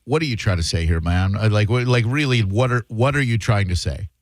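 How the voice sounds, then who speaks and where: A man's voice: lowish voice, brisk, no echo. Blunt sarcastic male radio host. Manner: blunt, sarcastic, stammering restarts. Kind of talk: call-in radio talk.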